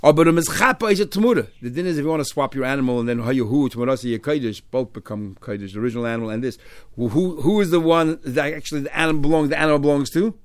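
A man teaches a Talmud class, working through each step and weaving in Hebrew and Aramaic terms. His voice jumps up on key phrases and then drops low as he explains. The sound is dry and close, with no room around it. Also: very fast, dry recording.

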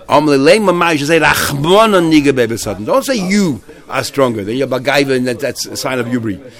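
A man teaching a Talmud class, retelling stories in a lively, halting way with many restarts. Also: mid-range voice. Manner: animated storyteller, many restarts and fillers.

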